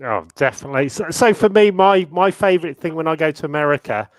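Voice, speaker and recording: An upbeat man runs a casual interview, asking questions enthusiastically. His voice is somewhat high for a man, and the sound is dry, with no room echo. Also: animated, quick pace.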